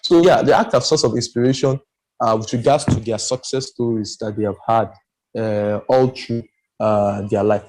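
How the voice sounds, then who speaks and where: Mellow man talking animatedly. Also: mid-range voice, moderate pace, slight background noise, rough recording. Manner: animated and emphatic, rambling with restarts. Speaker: podcast panelist. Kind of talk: casual discussion.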